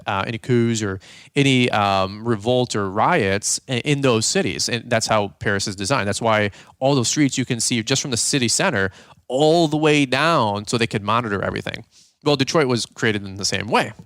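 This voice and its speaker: A young man hosting a podcast, telling a funny story in a casual, animated way and acting out the voices of the people in it. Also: medium pitch, dry recording, clean studio sound. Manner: animated, jokey, acts out quoted voices. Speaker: podcast host.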